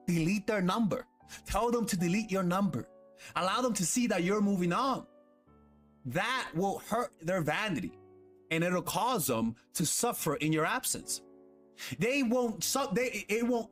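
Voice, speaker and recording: A man coaching on dating, blunt and repetitive, often stumbling over his words. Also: high voice. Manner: repeats words, blunt, swears, acts out quotes. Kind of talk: advice monologue.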